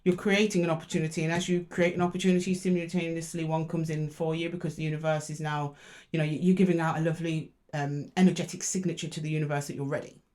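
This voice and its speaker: A woman's voice: low voice, level tone, fast talker, a little mellow. A young adult woman doing a chatty, affectionate tarot reading to camera in a room at home. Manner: chatty and affectionate, talking to viewers as "my loves". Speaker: tarot reader. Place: room in a two-story house.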